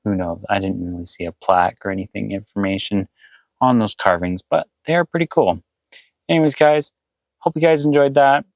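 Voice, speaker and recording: A man past eighteen talks to his vlog viewers from inside his camper van, thinking aloud and rambling while he plans a route. He speaks a little fast in a voice on the low side. There is no room sound, and the audio is poor.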